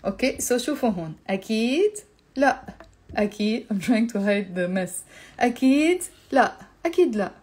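A woman's voice: fairly high pitch, expressive, racing, a little mellow, roomy sound. A woman with a Lebanese accent teaching a live Arabic lesson from home, mixing English and Arabic and acting out different tones of voice. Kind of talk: live-streamed language lesson. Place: home room.

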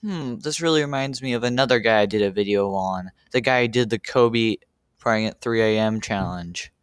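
A man's voice: lowish voice, normal speed, clear, resonant tone, dry recording, studio quality. A man giving profane reaction commentary on a video, exasperated and rambling, with stammers.

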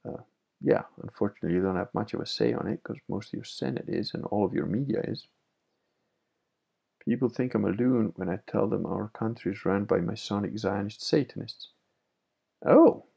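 Man, livestream host, casual chat, blunt, husky voice, lowish pitch. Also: brisk, dark tone, highs cut off. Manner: blunt, opinionated, laughs often.

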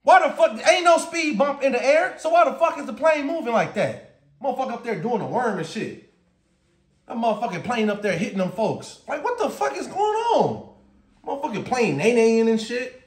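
A man telling a story in a vlog with animated, profane ranting and laughter. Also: very high voice, fairly quick. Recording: roomy echo.

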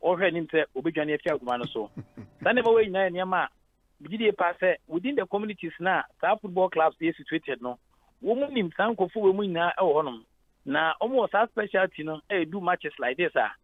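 This radio phone-in features a Ghanaian head of sport with a high-pitched voice, heard through a tinny line with no room sound. He breaks down the sports talk at length, switching between Twi and English.

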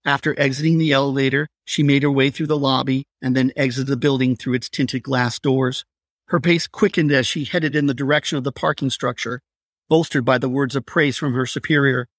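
A man reading aloud from his crime thriller in a steady, measured narration. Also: medium pitch, no room sound, studio quality. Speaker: author reading his novel.

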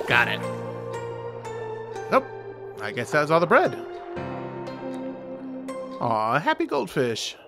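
A man's voice: a little high, sing-song, slow pace, long pauses. A man hosting a gaming channel, giving playful let's play commentary and chatting to the game characters. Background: game music.

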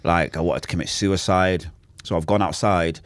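A man's voice: low-pitched, fairly even intonation, moderate pace, no room sound. A man telling an intense, emotional personal story as a podcast guest. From Manchester, England. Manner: intense, emotional, acts out quoted voices.

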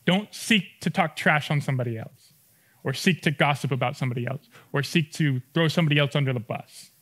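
A young man giving a youth sermon in a relaxed, conversational way, often checking in with his listeners. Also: a little high. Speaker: youth pastor.

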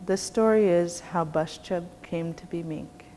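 Unhurried woman telling a traditional tale, lowish voice, faint noise behind. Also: warm tone. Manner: slow, measured, rhythmic telling. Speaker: storyteller, language teacher. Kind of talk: traditional storytelling. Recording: long reverb, faint background noise.

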